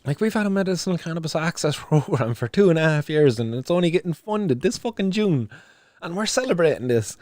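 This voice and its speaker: A man's voice: fairly high pitch, expressive, brisk, a little mellow, dry recording, studio quality. A young Irish man hosting a casual livestream news show, ranting with lots of swearing, fillers and restarts. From Ireland. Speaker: show host.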